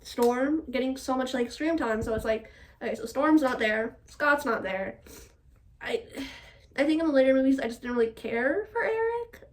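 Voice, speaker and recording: Animated, high-voiced young woman ranting. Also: moderate pace, recorded from a distance. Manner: animated, swearing, laughing, with exasperated outbursts. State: still a bit sick. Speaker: vlogger. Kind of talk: casual rant while doing her hair.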